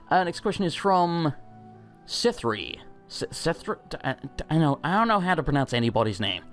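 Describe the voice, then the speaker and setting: A young man hosting a viewer Q&A, reading out questions and rambling through loose, profane, self-mocking answers. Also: on the high side. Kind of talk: casual Q&A with gameplay in background.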